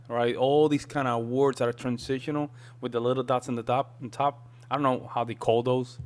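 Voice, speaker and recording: A man's voice: medium pitch, steady tone, fairly quick, hardly any pauses. American guy doing a reaction vid, repeats the words to try them, easygoing. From United States. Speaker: reaction video host. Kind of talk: casual reaction commentary.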